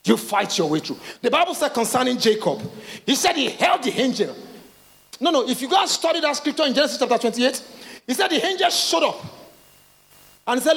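A middle-aged man with a Nigerian accent, preaching a lively sermon and acting out voices of the people he quotes. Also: very high voice, quick pace. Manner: animated preaching, acts out quoted voices, laughs, calls out. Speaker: pastor.

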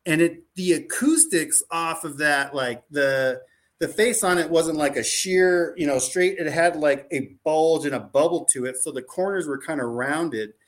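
A man guesting on a podcast, spinning loose, animated stories and acting out what people said. His voice sits a little high for a man, and he talks in a relaxed, rambling way. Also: unhurried. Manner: rambling, animated anecdotes full of "like" and quoted dialogue. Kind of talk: casual storytelling chat.

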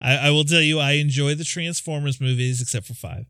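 A man's voice: on the high side, a little fast, pushed and bright, no room sound, studio quality. A man from Ohio guesting on a casual movie-review podcast, talking playfully with joking asides.

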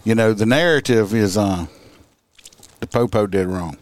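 A man's voice: fairly low pitch, moderate pace. A man co-hosting a podcast in casual chat, joking and sarcastic as he comments on clips. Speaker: podcast co-host.

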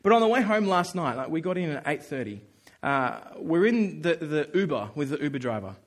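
A man with a notably high speaking voice delivers a sermon as a pastor. He tells a personal story with lively, animated energy and acts out his own inner thoughts. He turns earnest and emphatic as he drives his point home. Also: fairly quick.

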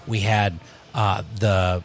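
A man, a bar co-owner, telling stories in a casual interview, animated and full of restarts. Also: fairly low pitch, takes it slowly, creaky, a little hiss or hum. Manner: storytelling, animated, many restarts.

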